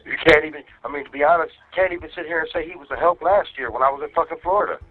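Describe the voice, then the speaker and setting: On a tinny phone line with his wife, a man rants angrily in casual conversation, swearing heavily. His voice is a little high and racing, and the recording is dry.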